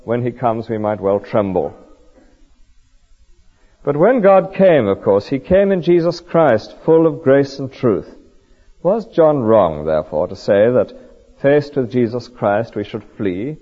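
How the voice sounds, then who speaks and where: A man's voice: mid-range voice, big pitch swings, unhurried, in a large hall, lo-fi sound. A man preaching a sermon, earnest and full of rhetorical questions and vivid stories.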